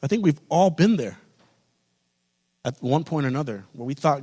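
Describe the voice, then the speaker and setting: A man preaching a sermon as pastor, building to loud, fervent peaks and then dropping soft. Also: on the high side, expressive, moderate pace, slightly rough. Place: church sanctuary. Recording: long reverb of a large hall.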